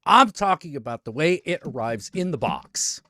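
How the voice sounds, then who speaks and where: A man hosting a casual chat, animated and opinionated. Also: a little high, moderate pace, no echo, clean studio sound. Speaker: host.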